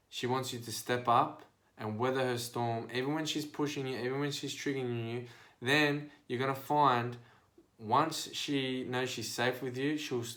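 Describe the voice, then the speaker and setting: A man hosts a podcast and talks straight to his listeners. His delivery is casual but preachy, building into animated bursts as he lays out his advice. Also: medium pitch. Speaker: podcast host and life coach.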